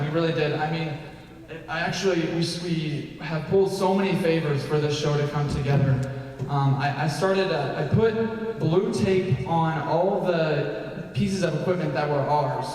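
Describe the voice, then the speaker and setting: A man's voice: a little high, normal speed, darkish tone, far from the mic. A young man, the singer and bandleader, chatting and joking with a live audience between songs in a rambling, self-deprecating way. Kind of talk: on-stage banter between songs. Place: concert hall at a country club, live audience. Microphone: stage microphone. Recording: live concert recording, echoey hall, band playing.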